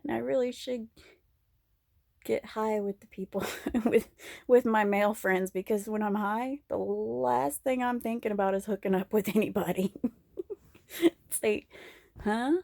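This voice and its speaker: Creaky-voiced woman rambling candidly. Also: mid-range voice, steady tone, unhurried, pauses often, dark tone, no room sound, clean studio sound. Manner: candid, profane, laughs often. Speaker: vlogger. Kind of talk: casual rambling monologue.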